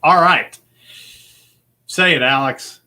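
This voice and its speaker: Bright-voiced male quiz host. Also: fairly high pitch, takes it slowly, slight background noise. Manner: upbeat and chatty, laughs easily. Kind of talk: casual podcast quiz hosting.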